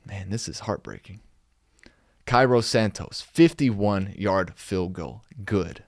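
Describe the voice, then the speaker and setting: A young man hosts a casual live recap with a fairly low voice. He reads through his notes and keeps breaking off into exasperated rhetorical questions. The sound is close and dry. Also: slow, pauses often, darkish tone, no echo. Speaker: podcast host recapping games.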